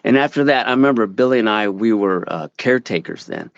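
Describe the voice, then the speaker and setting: A man's voice: lowish voice, animated, no room sound. A man tells a meandering story on a call, tripping over his words and restarting often. The audio is dull and lo-fi, with a dry close sound. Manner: rambling, halting, many restarts. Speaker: caller sharing a story. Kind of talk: casual storytelling. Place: outdoors.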